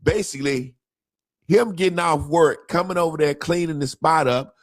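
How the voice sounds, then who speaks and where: A man on a casual talk show telling a funny story about an old friend, animated and laughing, swearing freely. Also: on the high side, moderate pace, no echo, clean studio sound. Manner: animated, laughing, profane, quotes friends in lively voices. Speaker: podcast co-host.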